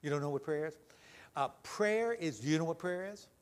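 A man leading a children's talk in church, gentle and full of questions. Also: on the high side, expressive, a little fast, smooth. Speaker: pastor leading a children's message. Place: church sanctuary.

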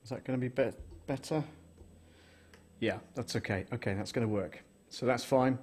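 A man with a mid-range, darkish voice and a breathy edge talks at normal speed while hosting a casual live stream. He rambles and thinks aloud as he sets up gear, counting numbers into a desktop condenser mic placed close. He's in a small studio with a mixing desk.

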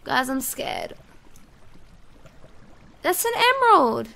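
A woman giving casual let's-play commentary, excitable and chatty, talking to herself and her viewers as she plays. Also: very high voice, takes it slowly, gravelly, pauses often. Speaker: gaming YouTuber.

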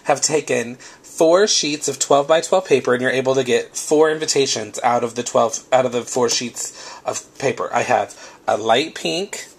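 A man's voice: medium pitch, normal speed, slightly rough. A man hosting a casual craft tutorial, explaining step by step while recovering from a cold. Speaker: craft video host.

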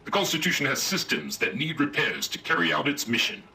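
Pompous robot Captain Ironsides. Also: male voice, sing-song, brisk, vocal fry, pushed and bright, exaggerated voice. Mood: commanding. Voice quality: booming formal naval diction. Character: pompous robot ship captain, male, old-fashioned, commanding.

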